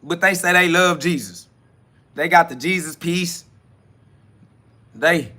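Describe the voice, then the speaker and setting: Male host, high voice, emphatic slangy live preaching. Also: a little slow, pauses often, pushed and bright. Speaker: podcast host. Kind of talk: casual preaching monologue streamed live.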